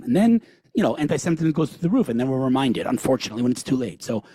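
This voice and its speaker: Fast-talking husky man, earnest host. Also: mid-range voice, very animated, warm tone, no echo. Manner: fast, earnest, restarts often, acts out quotes. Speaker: podcast host. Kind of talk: impassioned discussion.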